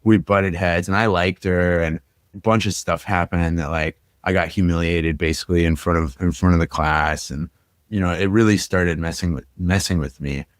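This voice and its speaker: A man's voice: low voice, fairly even intonation, moderate pace, no echo, clean studio sound. A young adult man from Minnesota, a podcast guest reflectively telling his personal story with frequent fillers.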